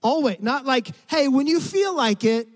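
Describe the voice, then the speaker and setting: A man's voice: very high-pitched, animated, unhurried, in a large hall, rough recording. A man preaching a sermon in a church, emphatic and conversational, talking straight to the congregation. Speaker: pastor.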